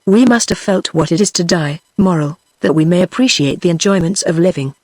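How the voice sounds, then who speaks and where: A woman's voice: on the low side, a little fast, no room sound. Synthetic British woman reading a novel. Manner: even, unvarying delivery of all characters. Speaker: narrator. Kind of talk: text-to-speech audiobook reading.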